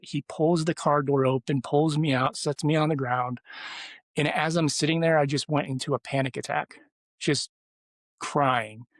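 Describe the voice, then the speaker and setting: A man's voice: on the high side, dry recording. A man who is a podcast guest, telling a personal story in casual conversation and rambling with many restarts and fillers.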